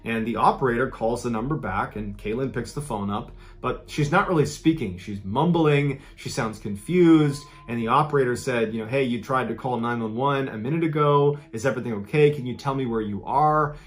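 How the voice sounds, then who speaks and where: A man with a mid-range voice tells a true story with dramatic emphasis. He slows down to build tension and lifts his voice to act out what people said. His delivery is steady and practiced. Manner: emphatic narration, acts out quoted speech with raised pitch. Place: played from an original video inside a reaction video.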